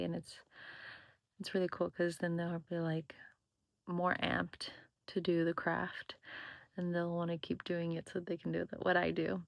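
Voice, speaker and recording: A woman's voice: fairly low pitch, completely flat delivery, normal speed, creaky, no room sound. A woman chatting casually about her crochet work in a rambling, self-deprecating way. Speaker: crochet vlogger. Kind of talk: casual chat.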